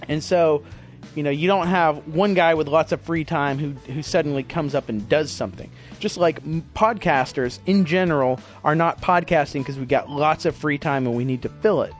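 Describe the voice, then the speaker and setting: A man talking through a casual podcast monologue, rambling and poking fun at himself, with a voice pitched a bit higher than most men. He swears freely as he goes, and faint music sits under his voice. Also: normal speed. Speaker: podcast host.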